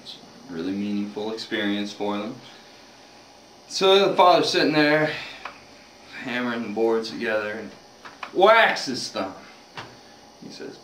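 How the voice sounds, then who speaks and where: Slow, lively man telling a joke. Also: medium pitch. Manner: hesitant, chuckling through the story. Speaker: joke teller. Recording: roomy, distant, noisy room recording.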